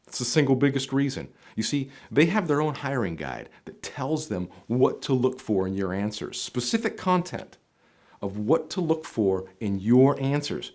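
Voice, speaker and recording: A man hosting a job interview tips video, talking straight to the viewer in an emphatic coaching manner that swings between punchy lines and quieter asides. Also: mid-range voice, big pitch swings, moderate pace. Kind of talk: direct-to-camera instructional talk.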